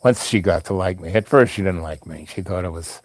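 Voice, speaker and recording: A man's voice: low-pitched, brisk, no echo. A man casually telling a long personal story, meandering with many asides and restarts.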